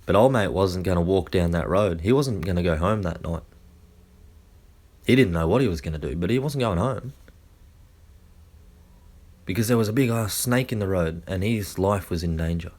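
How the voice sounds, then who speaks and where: A man delivers a monologue in a deep, low voice. He stretches his phrases out deliberately and often restarts his sentences as he explains. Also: expressive, darkish tone. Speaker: speaker. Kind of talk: lecture-style monologue.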